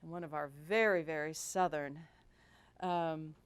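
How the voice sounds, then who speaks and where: A woman's voice: low-pitched, a little slow, clear, resonant tone. A middle-aged woman, a hospital executive, giving a talk and telling workplace stories with humor, acting out the voices she quotes. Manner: animated, acts out quoted voices, self-deprecating humor. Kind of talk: storytelling business talk. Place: lecture event.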